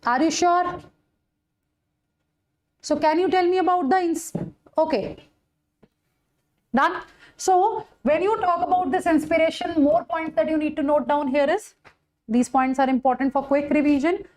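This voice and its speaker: A high-pitched woman with an Indian English accent lectures on biology. She repeats each key point, and checks in with her students often. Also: measured pace, pauses often, a little mellow. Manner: addresses students with Hindi endearment "bache". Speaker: biology teacher. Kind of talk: online exam-prep lecture.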